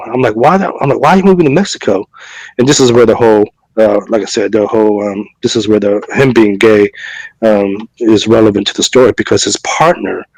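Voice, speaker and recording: A podcast co-host with a lowish, slightly mellow voice, still recovering from a cough and fever, tells a long story in casual, chatty conversation. He fills it with fillers, repeated words and restarts, and acts out both sides of an exchange. The recording is rough but free of echo.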